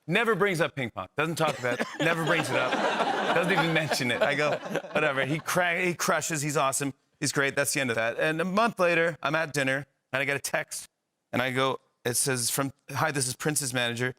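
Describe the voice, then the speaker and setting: A man's voice: a little high, a little fast. A middle-aged man telling a comic anecdote as a talk show guest, acting out the voices of the people in it. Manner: animated storyteller acting out the other voices.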